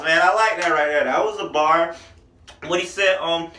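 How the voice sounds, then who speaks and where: Male vlogger, casual slangy album reviewer, bright and a touch high; roomy, distant home mic. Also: moderate pace, slight background noise. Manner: animated, slangy, hypes lines excitedly. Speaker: music reviewer.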